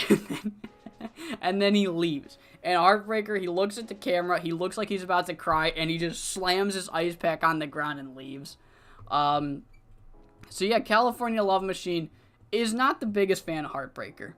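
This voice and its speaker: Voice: medium pitch, normal speed, a bit bright, soft background music. A streamer casually narrating the events of a wrestling management game, swearing now and then. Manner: casual, profane play-by-play with fillers.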